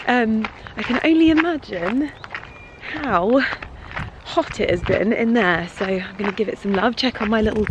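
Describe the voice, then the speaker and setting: A woman vlogging casually in her garden and greenhouse, gushing and excitable, gasping with delight. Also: on the high side, normal speed, noisy background. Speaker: lifestyle vlogger. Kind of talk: casual vlog to camera.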